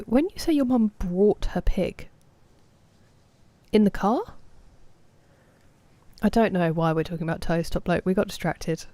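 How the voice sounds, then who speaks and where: A woman's voice: on the low side, dark tone, dry recording. A woman in her thirties chatting casually while streaming a game, rambling off on tangents and laughing as she talks to her viewers. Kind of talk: casual chat while gaming.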